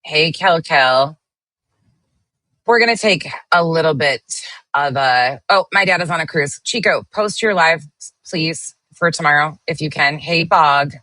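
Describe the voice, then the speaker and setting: Low-pitched, bright-voiced woman streamer. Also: measured pace, no room sound. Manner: greets viewers by name while reading chat, blunt and sometimes swearing. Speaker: livestream host. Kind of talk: casual livestream chat.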